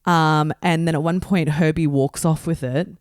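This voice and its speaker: Woman, lowish dry voice, lively storyteller. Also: normal speed, smooth, dry recording. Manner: animated storyteller, swears freely. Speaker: podcast guest. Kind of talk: casual chat.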